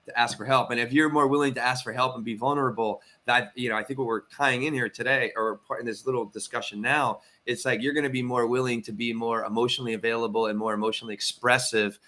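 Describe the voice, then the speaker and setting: Bright, animated man chatting on a podcast. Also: medium pitch, fast, few pauses. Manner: animated, filler-heavy, lots of "like" and "you know". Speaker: podcast co-host. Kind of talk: casual podcast discussion.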